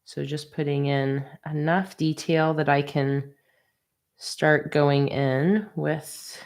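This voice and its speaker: A woman's voice: low-pitched, steady tone, takes it slowly, darkish tone. A woman livestreaming as she designs stickers, chatting casually and reading viewer comments aloud with easy laughs. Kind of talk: casual livestream chat while drawing.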